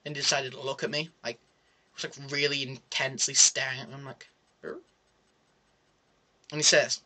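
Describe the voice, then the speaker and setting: A man's voice: medium pitch, normal speed, pauses often. A young man telling a story in a casual vlog, ranting sarcastically about a bus trip. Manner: animated, sarcastic ranting with mock French asides. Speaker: vlogger.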